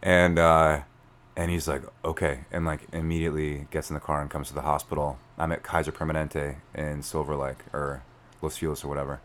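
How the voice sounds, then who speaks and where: A man, telling a story as a podcast guest in an animated way, full of fillers. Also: extremely low pitch, fairly quick. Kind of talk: storytelling in conversation.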